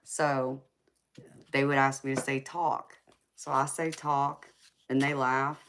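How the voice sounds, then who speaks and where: A woman's voice: extremely low pitch, flat delivery, slow pace, fairly bright tone, a little hiss or hum. A woman with a heavy Southern accent from Georgia, chatting casually and laughing often while hosting a late-night live stream. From California.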